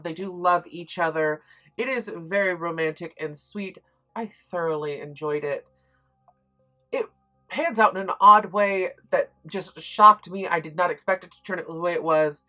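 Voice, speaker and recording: A woman's voice: fairly low pitch, sharp tone. A woman giving a chatty, enthusiastic spoken review of a book, with frequent ums and restarts.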